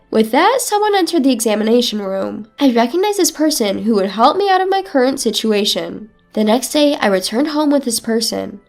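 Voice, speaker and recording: High-voiced woman narrating a drama story. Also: lively intonation, moderate pace, few pauses, soft background music. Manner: earnest, dramatic first-person telling.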